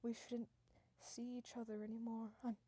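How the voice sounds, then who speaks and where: A woman voicing a dramatic young woman breaking up with her boyfriend, melodramatic and breathy, sliding into whispered confessions. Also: a little high, little pitch movement, normal speed, dark tone, no echo, pitched above the performer's own voice. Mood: dramatic whispering.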